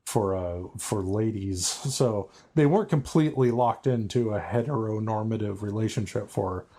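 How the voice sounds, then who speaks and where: A man's voice: on the low side, normal speed, mellow. A man on a podcast panel, chatting casually and tossing out sarcastic quips with frequent laughs. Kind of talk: casual roundtable chat.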